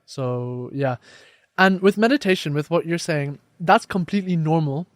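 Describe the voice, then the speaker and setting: A young man guest on a podcast, telling his story in casual conversation and acting out quoted dialogue with lively shifts. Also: on the high side, normal speed, no echo, studio quality. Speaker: podcast guest, life coach.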